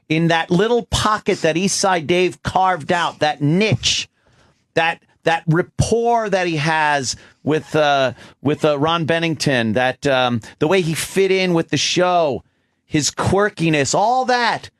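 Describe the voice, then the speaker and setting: A man on a radio talk show, talking slowly with a slightly high voice. He mocks people with dry sarcasm and laughs a lot between remarks. Middle-aged and relaxed in casual banter. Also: no room sound. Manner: sarcastic, mocking, laughs often.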